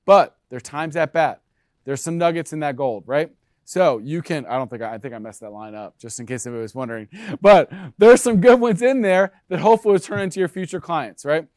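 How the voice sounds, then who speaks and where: Guy pitching agent tools, kinda high voice, lots of "right?", dry close sound. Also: a little fast, no echo. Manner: energetic, talks to the room with frequent "right?". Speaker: brokerage presenter. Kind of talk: sales presentation to agents.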